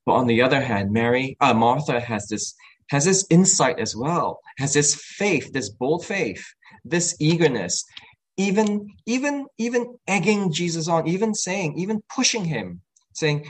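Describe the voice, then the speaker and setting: A man's voice: expressive, poor audio. A man preaching a sermon in an earnest voice, stopping to restart his phrases and acting out the quoted lines with a lifted voice. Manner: earnest, acts out quoted lines with rising pitch; halting with restarts and fillers.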